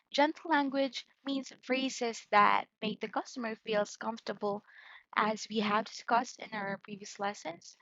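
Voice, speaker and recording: A woman's voice: on the high side, a bit bright, no room sound, dull audio. A woman leading an online call center training lesson, walking through quiz answers and often checking in with "right?" and "okay?".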